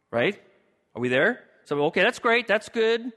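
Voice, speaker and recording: A man preaching a lively sermon, his voice sitting a little high. He slips into the voices of the people in his story. Long reverb from a big hall trails each phrase. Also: moderate pace. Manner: animated, acts out biblical characters in shifting voices. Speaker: pastor.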